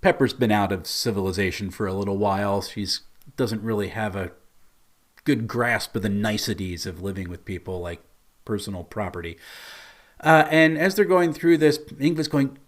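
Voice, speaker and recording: A man's voice: on the low side, normal speed. A man, a game master, chatting through what happened in his tabletop campaign with an amused storyteller's manner. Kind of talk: recounting a tabletop game session.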